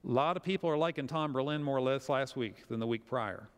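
Animated preacher man in a reverberant hall. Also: mid-range voice, quick pace, few pauses, smooth. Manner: animated storytelling with acted-out quotes. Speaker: pastor. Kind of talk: sermon.

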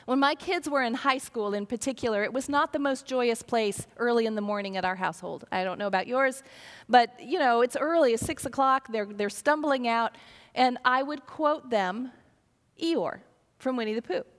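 A woman's voice: fairly high pitch, moderate pace. A middle-aged woman pastor giving an earnest sermon, telling stories and acting out quoted voices. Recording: long reverb of a large hall.

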